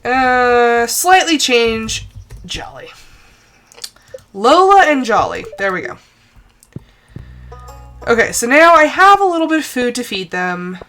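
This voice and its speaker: Expressive woman streamer muttering through gameplay. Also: fairly high pitch, slow, long pauses, faint music behind. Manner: exasperated, talks to herself, self-soothing. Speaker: streamer playing a farming game. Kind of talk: live game commentary.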